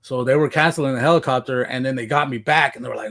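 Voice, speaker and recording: A man's voice: mid-range voice, rapid-fire, hardly any pauses, fairly bright tone. Podcast guest, male, from Washington State, casual storyteller who acts out his own lines. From Washington State, USA.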